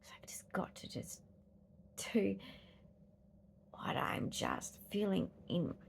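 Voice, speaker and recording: A woman's voice: mid-range voice, huge pitch swings, takes it slowly, creaky, in a whisper. A woman with an Australian accent talking in a rambling, philosophical, emphatic way in a personal vlog, weary after a hard night. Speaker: vlogger.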